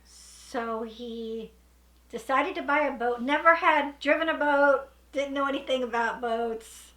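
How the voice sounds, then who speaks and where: A woman's voice: high voice, measured pace, a bit bright, reverberant. A woman chatting casually, prompting the story with questions and laughing often. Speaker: co-host. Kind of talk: casual chat.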